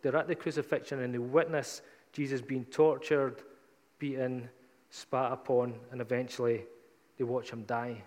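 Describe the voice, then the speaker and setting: A man gives a sermon in a mid-pitched voice, retelling the story in an easy, conversational way. The sound rings with a long reverb, as if in a large hall. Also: flat delivery, normal speed, darkish tone. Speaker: preacher.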